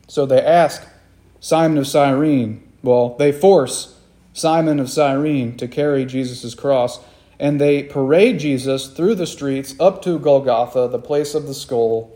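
Earnest preaching man, mellow voice. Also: medium pitch, measured pace. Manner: earnest, emphatic preaching with repeated refrains. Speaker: pastor. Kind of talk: sermon with scripture reading and prayer.

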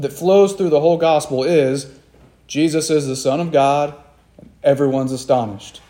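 A man's voice: a little high, dark tone. A young adult man preaching a sermon, reading scripture and praying, earnest and emphatic with repeated refrains. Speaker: pastor.

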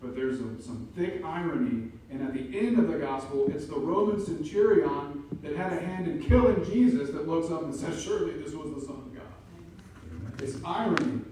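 A man preaching an emphatic sermon as pastor, building to loud peaks. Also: a little high, expressive, moderate pace, few pauses, slight background noise. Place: church sanctuary. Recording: echoey room from far off.

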